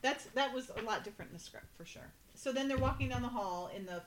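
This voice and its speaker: A woman's voice: on the high side, fast talker, noisy background. Chatty woman retelling a TV episode. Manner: chatty storyteller, retells scenes. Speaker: podcast host recapping a TV episode. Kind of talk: casual chat.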